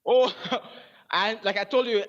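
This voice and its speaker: A man from Nigeria, calling into a debate show over a phone and speaking in a hesitant, halting way. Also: high voice, fairly even intonation, a loud crowd. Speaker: caller. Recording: muffled phone call.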